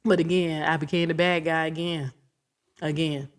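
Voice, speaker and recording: A woman's voice: deep voice, little pitch movement, normal speed. A woman ranting in a casual vlog, blunt and profane, rambling from point to point. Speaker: vlogger.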